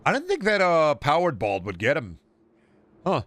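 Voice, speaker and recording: A man's voice: fairly high pitch, wildly swooping pitch, normal speed, a bit bright. A man streaming a video game, rambling in casual, profane, jokey commentary. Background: game music and sound.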